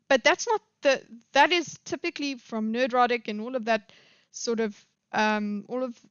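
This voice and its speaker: Rambling woman streamer, higher voice. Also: fairly bright tone, smooth, no room sound, lo-fi sound. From South Africa. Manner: rambling, opinionated, halting. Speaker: streamer commenting on a debate. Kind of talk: live stream commentary.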